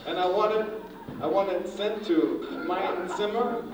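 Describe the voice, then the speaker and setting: A man performing a comedy routine, slowly and deliberately spelling out a strange room service order. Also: high voice. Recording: distant echoey muffled recording with music.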